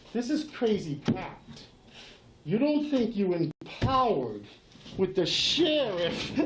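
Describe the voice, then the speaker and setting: Agitated high-voiced man arguing. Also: background noise. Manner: agitated, insistent, repeats himself and talks over others; profane. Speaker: channel owner confronting a sheriff. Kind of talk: heated face-to-face argument.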